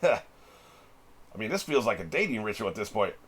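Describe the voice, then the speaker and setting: Middle-aged guy with a slightly raspy voice and animated pitch, casual reaction-channel host. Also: brisk. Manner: chatty, swears freely, laughs often.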